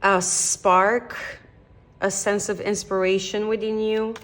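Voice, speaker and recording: A young Canadian woman giving a casual tarot reading. She talks straight to the viewer in a gentle, encouraging way, thinking aloud and often restarting her sentences. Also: mid-range voice, flat delivery, takes it slowly. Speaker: tarot reader.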